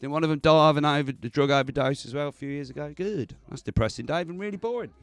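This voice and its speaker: A man's voice: fairly high pitch, fast, clear, resonant tone. A man hosting a casual livestream, chatty and swearing, laughing often. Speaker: livestream host. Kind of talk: casual stream chat.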